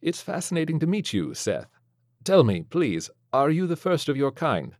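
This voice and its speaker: A man voicing a gentle male Trappist monk who speaks courteously and with mild humor, set a little higher than his own voice. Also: big pitch swings, normal speed, no echo, clean studio sound. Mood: curious.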